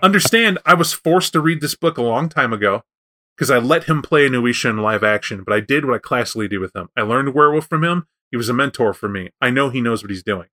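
Bright-voiced man rambling through a story. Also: mid-range voice, fast. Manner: rambling, restarts, animated storytelling. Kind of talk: casual chat about tabletop role-playing.

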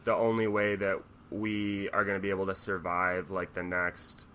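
A man's voice: deep voice, normal speed, slight background noise. A man co-hosting a casual podcast chat, talking emphatically and swearing as he makes his points. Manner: animated, emphatic, swears, laughs often. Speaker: podcast co-host.

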